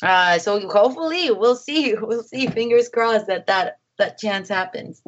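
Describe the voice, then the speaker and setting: A woman filmmaker chatting as an interview guest, lively and full of acted-out quotes and laughter. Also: medium pitch, a little slow, muffled recording. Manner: animated, acts out quotes, laughs often. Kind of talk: casual interview chat. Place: home.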